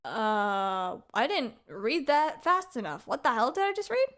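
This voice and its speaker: A woman's voice: a little high, big pitch swings, measured pace. A young woman streaming a game, chatty and laughing as she talks to her chat. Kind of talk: game playthrough commentary. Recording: loud game music behind.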